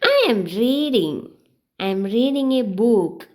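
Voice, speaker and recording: A woman with a high, lively voice reads simple example sentences for beginners. She takes them slowly and clearly, in a sing-song way. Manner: slow, clear, sing-song reading of drills. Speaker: English teacher.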